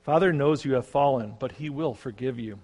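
A man plays a calm eldest brother speaking softly and patiently. The low-key voice sits in a long reverb. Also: fairly quick, close to an everyday voice. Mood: pleading. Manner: soft-spoken, gentle.

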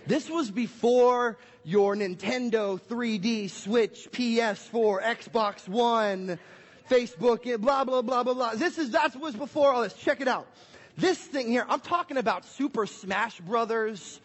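A young adult man preaching a lively family Christmas sermon in a church hall, playful and energetic as he acts out little scenes. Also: extremely high pitch, unhurried. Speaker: pastor. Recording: echoey hall with long reverb.

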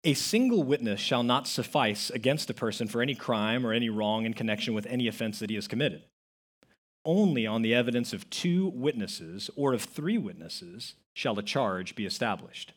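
A man's voice: medium pitch, lively intonation, moderate pace, slightly rough. A man preaching a sermon as pastor, telling stories with acted-out quotes and stressing key words. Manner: storytelling with acted-out quotes, emphatic.

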